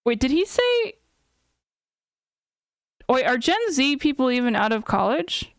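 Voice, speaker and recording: A woman in her thirties offers casual commentary on a live stream, reacting and thinking aloud chattily with many fillers and self-corrections. Her high-pitched voice is sing-song and unhurried, in a studio-quality recording with no room sound.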